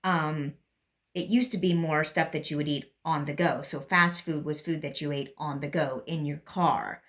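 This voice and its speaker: A woman's voice: sits low, fairly even intonation, moderate pace, fairly bright tone. A woman with a Great Lakes American accent, giving a casual spoken English lesson and thinking aloud with frequent ums and restarts. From United States. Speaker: English teacher. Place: at home, seated in a chair.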